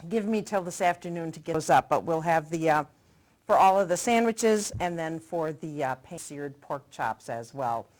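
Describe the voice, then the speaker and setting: Tasting dishes on a local TV cooking segment, a middle-aged host chats in a casual, friendly, promotional way. Her voice is low-pitched with a darkish tone, animated, at normal speed.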